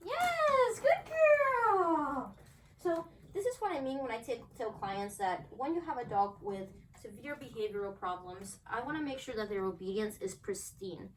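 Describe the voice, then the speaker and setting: A young woman dog trainer explains things to camera during an at-home training demonstration, cheerfully breaking off to praise her dogs. Her medium-pitched voice is animated, a little mellow, and fairly quick, with hardly any pauses. A distant camera mic picks up faint room noise.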